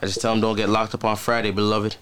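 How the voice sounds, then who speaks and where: A man's voice: fairly low pitch, flat delivery, fast talker, fairly bright tone, smooth. A man co-hosting a podcast, joking and boastful with lots of cursing. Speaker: podcast co-host. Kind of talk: casual chat.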